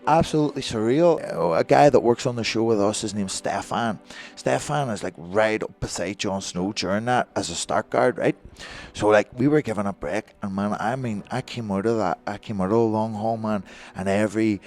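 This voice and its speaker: Brief: low-voiced guy in his thirties, animated sweary storyteller. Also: moderate pace, hardly any pauses. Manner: sweary, excitable, acts out other people's lines. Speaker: guest, former film extra.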